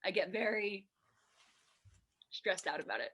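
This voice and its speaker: A woman's voice: mid-range voice, big pitch swings, measured pace, sharp tone, husky. A woman hosting a podcast, chatting casually and telling stories, acting out quoted lines. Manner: chatty storyteller, acts out quotes. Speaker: podcast host. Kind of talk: casual interview chat.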